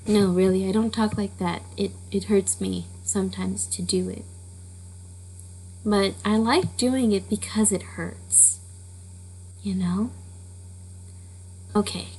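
A woman's voice: mid-range voice, steady tone, slow, darkish tone, slight background noise, poor audio. A woman hosting a storytelling channel, giving a rambling, casual spoken intro with many fillers. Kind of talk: casual chatty intro to a reading.

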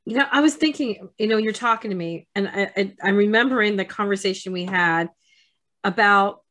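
A woman co-hosting a podcast, chatting casually with halting restarts and frequent laughter. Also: medium pitch, a bit bright. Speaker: podcast co-host.

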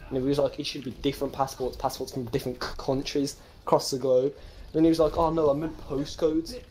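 A man's voice: medium pitch, level tone, fast talker, darkish tone, slight background noise, rough recording. A young man with a Birmingham accent chatting casually and crudely over game voice chat, telling rambling jokey stories. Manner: crude, joking, rambling storytelling. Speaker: gamer in voice chat.

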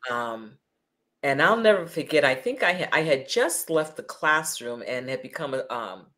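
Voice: medium pitch, animated, normal speed, a bit bright. An older host and career counselor, speaking in a reflective, conversational way on an interview show.

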